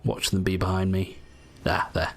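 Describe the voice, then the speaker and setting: A man's voice: sits low, completely flat delivery, moderate pace. A man casually commenting as he plays through a game, explaining tips and muttering asides to himself. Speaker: gameplay walkthrough host.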